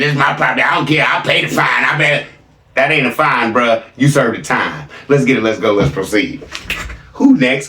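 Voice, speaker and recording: A man's voice: mid-range voice, fairly bright tone, echoey room, recorded from a distance. A man hosting a reaction video, mocking a clip with sarcastic commentary and repeated catchphrases.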